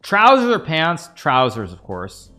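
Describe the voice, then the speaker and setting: Animated man chatting while playing chess. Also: fairly high pitch, measured pace, faint music behind. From United States. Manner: chatty, rambling, talks to chat while playing. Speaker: chess streamer. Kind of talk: live-stream commentary.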